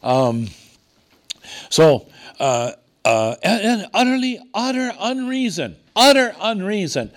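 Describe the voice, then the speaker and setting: A man delivering a sermon in a fairly high voice that swoops up and down with strong expression. He leans hard on key words for drama and wanders into asides before pulling back to his point. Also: takes it slowly. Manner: animated, digressive, dramatic emphasis. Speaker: preacher.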